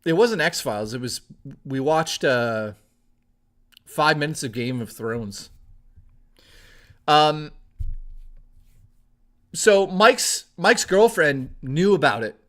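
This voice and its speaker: Bright-voiced man telling a crude story. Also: a little high, lively intonation, slow, long pauses. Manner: crude, rambling anecdote with many filler words; stops mid-story to thank viewers for memberships. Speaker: live streamer. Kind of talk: casual storytelling on a live stream.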